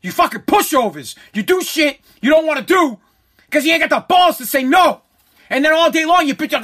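A man tears into his subject in a fired-up, profanity-laced rant, circling back to the same points again and again. His voice has a forceful, tense edge. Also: very high voice, expressive, brisk. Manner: heated, profane, repetitive. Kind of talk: angry rant.

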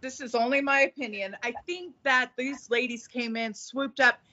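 A woman with a fairly high, bright voice, speaking as a podcast guest. She is earnest and restarts her sentences as she works through her thoughts. The sound is dull and lo-fi. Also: steady tone, normal speed. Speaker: guest, executive producer. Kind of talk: casual conversation. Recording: dull lo-fi recording.

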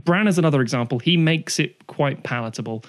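A man chatting as a podcast co-host, his voice sitting a little high. He rambles through long tangents and swears often as he talks. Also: brisk, clean tone. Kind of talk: casual chat.

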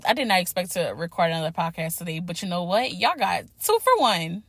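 A woman's voice: fairly low pitch, big pitch swings, a little fast, no echo, clean studio sound. A young woman hosting her own podcast, talking candidly and casually, swearing freely and restarting her sentences, a little out of breath after a workout. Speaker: podcast host. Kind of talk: casual solo podcast talk.

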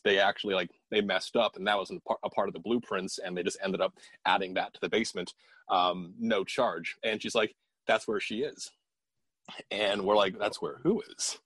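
A man with a low, slightly husky voice tells a paranormal story in a casual, animated way, swearing as he goes. He quotes the people in the story in his own voice. The recording is dry and close. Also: no echo. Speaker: paranormal investigator telling a story.

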